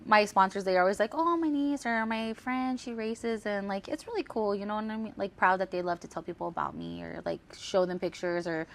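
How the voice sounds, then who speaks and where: A woman's voice: medium pitch, steady tone, fast, few pauses, slight background noise. A woman from El Paso, Texas, a racing guest on a podcast, chatting casually with lots of "like"s and easy laughter. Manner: chatty, filler-heavy with frequent "like", laughs often. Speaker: guest, amateur race car driver. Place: host's house, over drinks.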